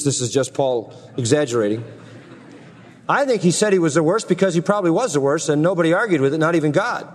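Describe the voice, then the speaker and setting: Male preacher, high-pitched, emphatic sermon delivery with rhetorical questions; long reverb of a big hall. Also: a little mellow. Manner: emphatic preaching, rising high on key words, slowing to stress; asks the congregation rhetorical questions. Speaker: pastor.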